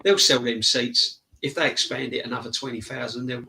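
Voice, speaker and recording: A man speaking earnestly in casual chat over a video call, often saying things twice to drive them home. His voice is bright and sharp at a middling pitch. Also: brisk, creaky, low-quality recording. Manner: earnest, repeats himself for emphasis. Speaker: season ticket holder guest.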